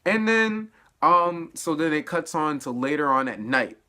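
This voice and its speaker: A man casually recapping a show episode in a spoiler review, animated and laughing, his voice dropping to low mutters and then jumping up in excited bursts. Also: unhurried. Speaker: TV review vlogger.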